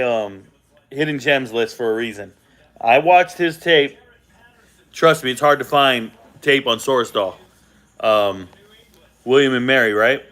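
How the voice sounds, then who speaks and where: In a mid-range voice, a man reacts live to the football draft on a casual stream from a hotel room. Lacking his usual setup and microphone, he stays animated and says things more than once for emphasis.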